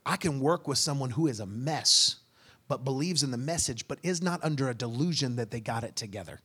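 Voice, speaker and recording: A man's voice: mid-range voice, brisk, slightly rough. A male pastor tells a personal story during a sermon. He speaks in an everyday mid-range voice with a casual, conversational flow. He slips into the voices of the people in the story. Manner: animated, acts out dialogue; relaxed, conversational.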